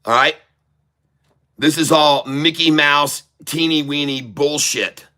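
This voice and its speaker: A man's voice: medium pitch, pushed and bright. A man giving live stock trading commentary, boastful and teasing with crude jokes and frequent laughs. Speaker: stock trader streamer.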